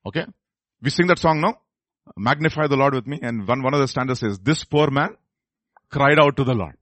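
A man preaching a sermon, moving between low murmured asides and loud, high exclamations and questions to the congregation. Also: brisk, pauses often, no room sound. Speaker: pastor.

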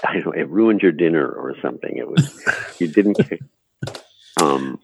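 Very deep gravelly husky man. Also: expressive, normal speed, a little hiss or hum, poor audio. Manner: laughing, storytelling, self-deprecating. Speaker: actor guest. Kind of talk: anecdotal interview chat.

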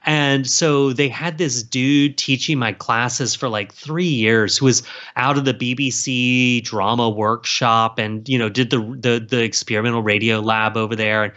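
A man chats as a guest in a casual interview, rambling and animated, piling up fillers and restarts. His voice sits at an ordinary middle pitch. The sound is a little dull and lo-fi. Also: unhurried, hardly any pauses. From South Carolina. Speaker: author guest.

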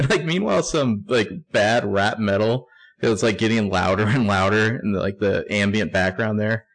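A man's voice: lowish voice, normal speed. A man co-hosting a casual show recap, narrating scenes with wry asides. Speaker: podcast co-host.

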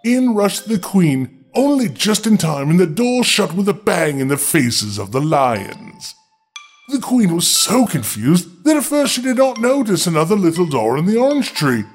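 A high-voiced man reads a fairy tale with a very lively, up-and-down delivery. He keeps stopping to make sarcastic jokes, and faint music plays behind him. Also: moderate pace. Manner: sarcastic, joking interruptions. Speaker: storyteller host. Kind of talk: fairy tale reading with comic asides.

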